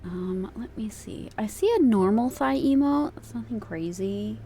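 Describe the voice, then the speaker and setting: A woman's voice: on the high side, animated, a little slow, mellow, faint music behind. A woman streamer chatting casually in a rambling way, laughing easily. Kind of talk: casual chat.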